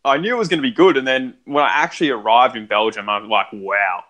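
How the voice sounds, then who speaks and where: Man, young, bright tone, chatty storyteller, fillers and restarts. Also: mid-range voice, expressive, fast talker. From Australia. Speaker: guest, son. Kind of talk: casual conversation.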